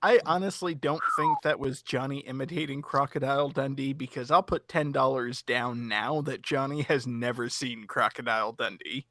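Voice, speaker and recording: A man's voice: medium pitch, moderate pace, few pauses, bright, forceful tone, dry recording, studio quality. A man co-hosting a podcast, chatting casually and explaining details with lots of fillers. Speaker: podcast co-host. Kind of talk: casual chat.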